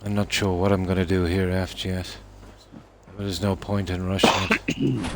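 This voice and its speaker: A man's voice: sits low, little pitch movement, normal speed, very noisy. A man streaming a game, muttering and thinking aloud while he builds, in casual chat.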